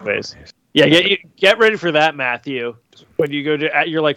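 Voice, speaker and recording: A man with a fairly high voice jokes casually as a podcast co-host. He is wry and profane and acts out his own reactions, recorded close and dry. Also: lively intonation, a little fast, bright, forceful tone, no room sound, muffled recording. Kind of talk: casual chat.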